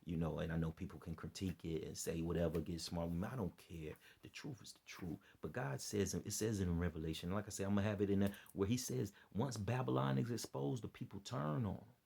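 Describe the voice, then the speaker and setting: Weary gravelly-voiced man preaching to camera. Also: low voice, brisk, hardly any pauses, darkish tone. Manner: rambling, repeats phrases, preachy appeals to listeners. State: worn out and dead tired. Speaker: online preacher and commentator. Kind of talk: impassioned unscripted vlog commentary.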